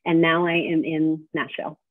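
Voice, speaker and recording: A woman's voice: low-pitched, flat delivery, moderate pace, no room sound. Friendly woman guest on a tinny line. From New York State, raised in South Florida. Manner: friendly, chatty, laughs easily. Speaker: guest, business owner. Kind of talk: interview answers. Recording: dry, tinny phone-like line.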